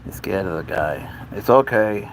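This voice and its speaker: A man's voice: low voice, lively intonation, measured pace, a little hiss or hum, low-quality recording. A man hosting a casual livestream, rambling as he talks to his cats and answers viewers' chat. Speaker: livestream host.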